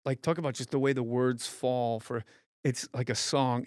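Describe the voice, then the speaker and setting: A man's voice: mid-range voice, normal speed, no echo, clean studio sound. A middle-aged man, a comedian hosting a podcast, telling stories in casual chat and acting out heated quotes. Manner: animated, acts out heated quotes loudly.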